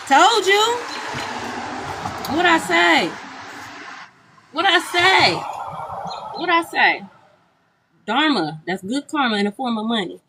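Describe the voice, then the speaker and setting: A woman with a fairly high voice gives a live tarot reading on her phone while standing outdoors. She talks bluntly, swears freely and keeps repeating her points. Clear street noise runs under her voice. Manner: blunt, profane, repetitive. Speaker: tarot reader. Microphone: phone livestream.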